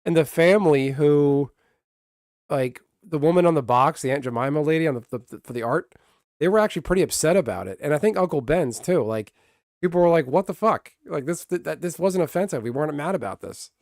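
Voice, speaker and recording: A man's voice: fairly high pitch, expressive, brisk, darkish tone, no echo. Blunt, profane streamer man, dry close sound. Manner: blunt, profane, rambling with many restarts. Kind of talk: casual livestream rant.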